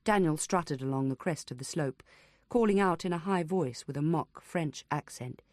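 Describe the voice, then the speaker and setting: A woman reading an unabridged audiobook as narrator, in a measured, even storytelling manner. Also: deep voice, no room sound, studio quality. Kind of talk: scripted narration.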